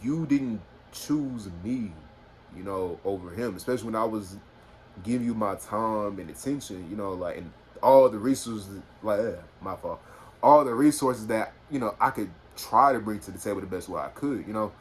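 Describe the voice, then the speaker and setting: Here a young Houston, Texas vlogger speaks fairly quickly in a husky, fairly low-pitched voice. Telling a personal story casually on a phone, he rambles, leans on fillers and keeps the retelling animated.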